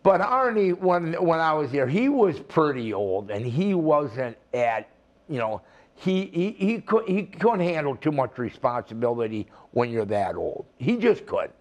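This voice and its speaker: A man's voice: on the high side, very animated, measured pace. An older man, a retired wrestler, telling rambling stories with laughs and restarts in a casual interview.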